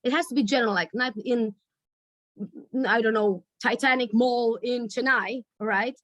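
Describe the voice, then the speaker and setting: A woman leading a storytelling workshop over a video call, searching for words with many pauses and fillers. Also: a little high, a bit bright, no room sound. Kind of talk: online workshop teaching.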